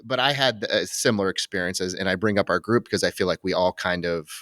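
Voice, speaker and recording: A man with a very low voice hosts a casual interview podcast. He speaks reflectively and wanders through his thoughts with many restarts. The recording is dry and close. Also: fast talker, fairly bright tone, dry recording. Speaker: podcast host.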